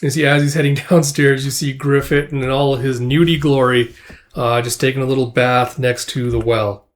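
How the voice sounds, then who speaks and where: A man's voice: mid-range voice, steady tone, normal speed. A man casually retelling a comic story in a laid-back way, chuckling and using lots of fillers. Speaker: comic recap host.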